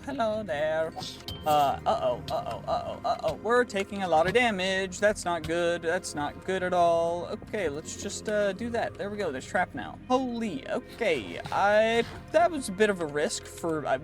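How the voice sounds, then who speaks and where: A man giving chatty gameplay commentary as a channel host, thinking aloud and reacting quickly to what happens on screen. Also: sits high. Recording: voice over background music. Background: background music.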